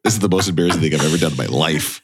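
A man's voice: a bass voice, racing, over music. A man hosting a casual podcast chat, telling rambling stories and laughing along. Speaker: podcast host.

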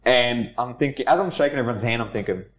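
A man's voice: mid-range voice, fast, fairly bright tone. A man telling stories in casual podcast chat, laughing at himself and swearing casually. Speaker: podcast co-host. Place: studio.

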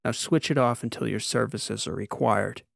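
A man's voice: medium pitch, moderate pace, creaky, no echo. A man reading a dry, commanding squad leader. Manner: dry, sardonic. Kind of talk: audiobook character voice.

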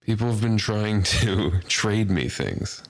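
Man, deep low voice, laid-back, casual podcast chat, short replies. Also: animated, takes it slowly. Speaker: podcast co-host.

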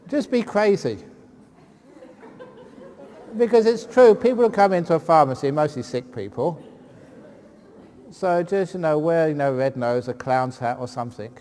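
Man, monk, humorous storyteller, slightly high voice, reverberant hall. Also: animated, moderate pace, long pauses, darkish tone. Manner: joking, anecdotal storyteller. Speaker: Buddhist monk giving a dharma talk. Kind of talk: humorous talk answering audience questions. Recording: long hall reverb, faint ambient noise.

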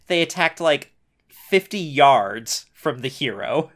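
A man's voice: medium pitch, lively intonation, normal speed, fairly bright tone. A man co-hosting a casual recap chat, riffing on the plot with sarcastic asides. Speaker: podcast co-host.

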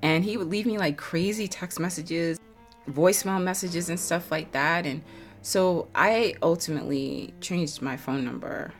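Low-voiced woman telling a story. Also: a little slow, soft background music. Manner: animated, conversational, many fillers. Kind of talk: casual storytelling.

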